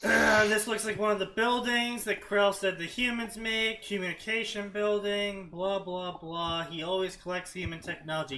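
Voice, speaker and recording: Bright-voiced man mockingly skimming fanfiction. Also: high-pitched, fairly even intonation, normal speed, hardly any pauses, slight background noise, rough recording. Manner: skims text with mocking "blah, blah". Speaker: co-host reading fanfiction aloud. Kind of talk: casual stream commentary.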